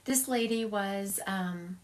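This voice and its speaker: A woman's voice: mid-range voice, takes it slowly. A woman psychic medium doing a livestream reading over a phone, chatty, laughing often and acting out what spirits say.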